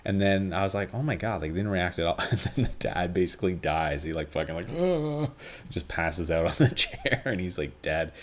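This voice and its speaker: A man's voice: low-pitched, brisk, few pauses. A man hosting a casual solo podcast, rambling with lots of fillers and swearing freely. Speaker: podcast host.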